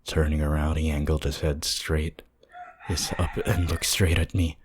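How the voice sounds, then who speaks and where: A man narrating a horror story in a hushed, tense, deliberate way. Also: a bass voice, little pitch movement, noisy background.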